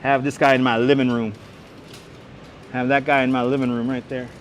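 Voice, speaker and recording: A medium-pitched man with a flat, brisk delivery leads a casual livestreamed walking tour on busy city streets, telling street history and talking to viewers by name. He wears a wireless clip-on mic, and faint traffic sounds in the background.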